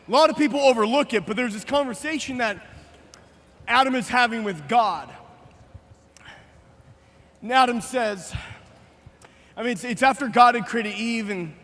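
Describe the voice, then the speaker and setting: A man's voice: very high voice, normal speed, long pauses, a bit bright. Man speaking in a reverberant hall. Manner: playful storytelling with acted-out dialogue. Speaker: youth conference speaker. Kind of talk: comedic talk to a live youth audience. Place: large conference hall.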